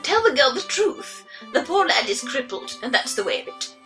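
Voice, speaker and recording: A woman voicing a blunt, sharp-tongued elderly noblewoman who scolds freely, with music underneath. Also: high voice, big pitch swings, moderate pace, low-quality recording.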